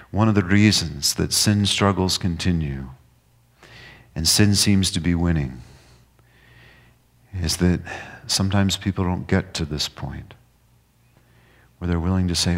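A middle-aged man preaching a sermon, shifting between emphatic, raised declarations and quiet, hushed passages. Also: deep voice, measured pace, pauses often. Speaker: pastor.

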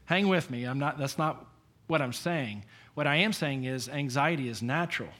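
A man preaching a conversational sermon, telling personal stories in an animated way and chuckling as he goes. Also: medium pitch, moderate pace. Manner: storytelling, animated, chuckling often. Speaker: pastor.

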